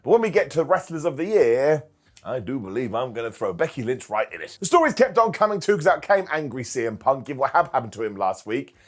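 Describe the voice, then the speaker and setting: A man giving a casual, comedic recap of a wrestling show, joking and mimicking people in quick silly voices. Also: medium pitch, big pitch swings.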